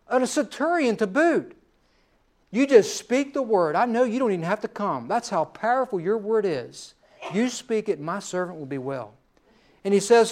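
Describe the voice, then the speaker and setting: A man's voice: high voice, very animated, normal speed, darkish tone. A male pastor preaching a sermon in a conversational way, often repeating phrases and checking in with "right?".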